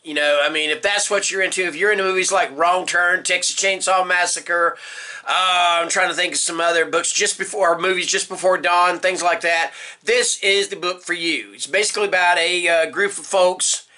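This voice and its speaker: A man's voice: high voice, steady tone, moderate pace, pushed and bright. An older man hosting a horror book channel, chatting casually and rambling with lots of fillers. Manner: rambling, folksy, frequent fillers. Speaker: booktube host. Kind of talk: casual book tag chat.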